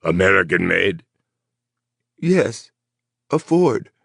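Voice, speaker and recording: A meek, frightened young housewife answers in a small, choked voice, as a male narrator puts her on. The pitch is pushed far up from his own, thin and a little husky. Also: big pitch swings, slow, fairly bright tone, no echo, studio quality, heavily acted. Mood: naive.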